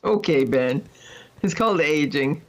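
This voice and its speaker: A man's voice: fairly high pitch, animated, measured pace, fairly bright tone. A man co-hosting a casual news chat, chiming in with short reactions and interjections. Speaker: co-host.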